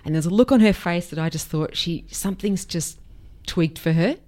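Aussie woman, pretty low voice, chatty footy opinions, gets excited about players. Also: moderate pace. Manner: opinionated, enthusiastic analysis. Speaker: podcast co-host. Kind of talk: casual sports chat.

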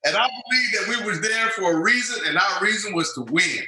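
A man's voice: high-pitched, a little fast, reverberant, a loud crowd, poor audio. A man, telling stories as an interview guest and acting out quotes. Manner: animated storyteller, acts out quotes. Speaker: guest, former football player. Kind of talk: storytelling interview.

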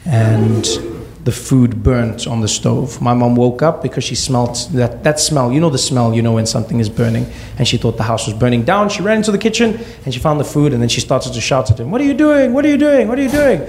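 Gravelly man telling a wry story. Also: medium pitch, fairly quick, few pauses, a little hiss or hum. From Africa. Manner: wry, deadpan asides. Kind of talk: comic personal storytelling.

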